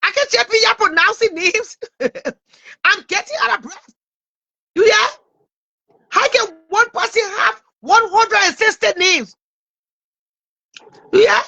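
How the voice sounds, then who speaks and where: A woman hosting a casual livestream, talking straight to her audience in an animated way and tripping over names. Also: very high-pitched, measured pace, vocal fry, pauses often. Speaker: livestream host.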